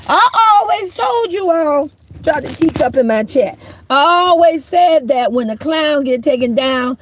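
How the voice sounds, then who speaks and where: A middle-aged woman, working as a YouTube commentator, launches into an emphatic, preachy call-out rant, often shouting. Her voice sits high, and there's no room sound.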